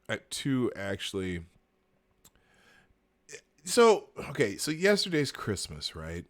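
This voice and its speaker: A man's voice: mid-range voice, a bit bright. A man hosting a live morning show, rambling and sarcastic as he comments, with plenty of fillers and frequent laughter. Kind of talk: casual live-stream commentary.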